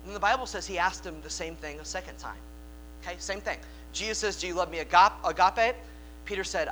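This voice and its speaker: Bright high-voiced man preaching. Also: a little hiss or hum, poor audio. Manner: preaching with wide swings in loudness, dropping low for emphasis. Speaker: pastor. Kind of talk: sermon.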